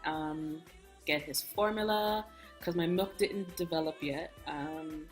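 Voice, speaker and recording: A young woman with a lowish voice shares a personal story in a frank, lively way, slipping into the voices of the people in it. Soft music plays quietly under her. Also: takes it slowly. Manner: candid, animated storytelling, acts out quoted speech. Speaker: vlogger. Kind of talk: casual storytime chat. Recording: soft music bed behind.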